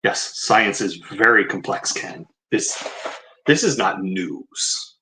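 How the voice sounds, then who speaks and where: Sarcastic man with a lowish voice. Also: animated, slow pace, bright, forceful tone, slight background noise, poor audio. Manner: sarcastic, mocking; rambling asides. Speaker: video commentator reading and rebutting a book. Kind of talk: casual commentary mixed with reading aloud.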